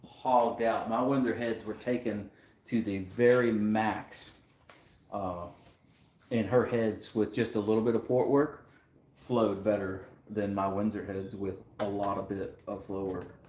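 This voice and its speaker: A man's voice: lowish voice, fairly even intonation, a little slow, darkish tone, reverberant, a little hiss or hum. A man hosting a casual livestream chat while working on cars, joking around and laughing often. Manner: jokey, laughs often, does mock accents. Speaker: livestream host.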